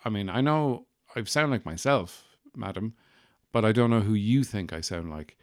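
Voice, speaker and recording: Low-voiced man, rambling and wry. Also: animated, moderate pace, no echo, clean studio sound. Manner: rambling, wry, self-deprecating asides. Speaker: podcast host. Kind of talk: casual monologue.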